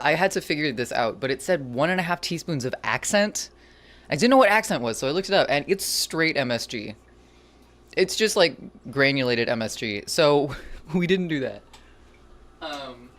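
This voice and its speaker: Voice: mid-range voice, a bit bright. A cooking streamer chatting casually with viewers while cooking, rambling and poking fun at their own mistakes. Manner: self-deprecating humor.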